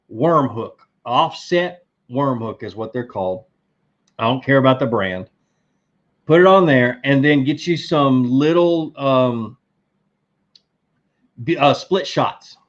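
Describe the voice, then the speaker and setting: A man's voice: mid-range voice, muffled recording. A middle-aged man hosting a live fishing stream, chatting casually and answering viewer questions with many fillers and restarts. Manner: rambling, relaxed, lots of fillers and restarts. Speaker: fishing livestream host.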